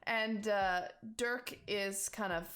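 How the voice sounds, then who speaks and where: A woman's voice: medium pitch, steady tone, slow, fairly bright tone. A woman narrating a tabletop game as game master in a casual, filler-heavy way. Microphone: streaming mic.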